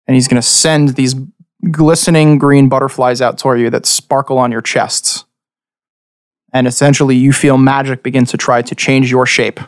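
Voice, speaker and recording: A man narrating and ruling as game master of a tabletop game, quick and animated as he describes the scene. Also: mid-range voice, no room sound, studio quality.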